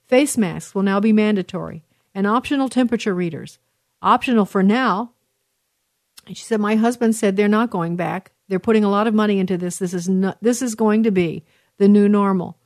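A woman's voice: medium pitch, brisk, a little mellow, dry recording, studio quality. A middle-aged woman hosting a talk radio show, reading listener messages in an earnest, emotional way with many fillers and restarts.

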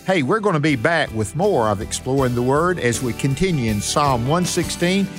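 A man's voice: mid-range voice, lively intonation, normal speed, music in the background. A man hosting a radio Bible study as a pastor, talking with earnest preacherly emphasis.

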